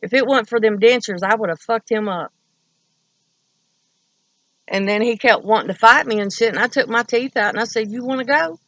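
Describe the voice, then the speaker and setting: A woman's voice: a little high, moderate pace, long pauses, sharp tone, no echo, muffled recording. A woman from Kentucky telling stories in a rambling, profane, blunt way. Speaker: vlogger. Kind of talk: casual storytelling.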